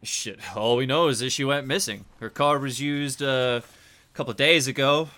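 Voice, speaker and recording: A man voicing a weary, swearing male NYPD detective who talks loudly and haltingly. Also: mid-range voice, lightly acted. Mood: troubled. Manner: loud, hesitant, swearing.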